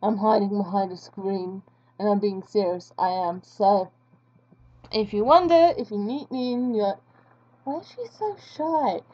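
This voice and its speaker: A woman's voice: medium pitch, moderate pace, mellow, muffled recording. A young woman chatting casually while she draws, rambling and poking fun at herself. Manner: rambling, self-mocking chatter. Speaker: art vlogger. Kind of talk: casual chat while drawing.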